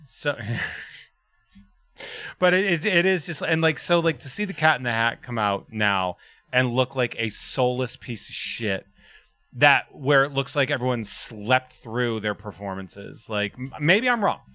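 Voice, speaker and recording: A man's voice: medium pitch, lively intonation, unhurried, sharp tone, no room sound. A man co-hosting a casual podcast, animatedly and profanely trashing movie trailers. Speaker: podcast co-host. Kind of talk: casual chat.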